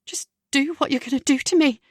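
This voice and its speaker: A woman's voice: high-pitched, brisk, no echo, studio quality, pitched above the performer's own voice, close to an everyday voice. A woman voicing a frightened, resigned young woman held captive, pleading in a strained voice. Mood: desperate.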